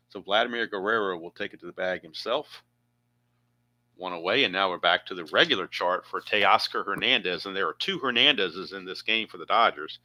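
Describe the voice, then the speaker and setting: A man with a lowish, bright and forceful voice calls his tabletop baseball game play by play. He thinks aloud as he goes, chatty and prone to wandering into asides. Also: no echo. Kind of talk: play-by-play narration of a dice game.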